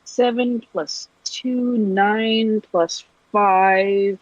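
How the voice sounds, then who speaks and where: A woman playing in a tabletop game, hesitant and counting dice out loud. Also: medium pitch, fairly even intonation, drawn-out words, dry recording, muffled recording. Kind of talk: casual chat.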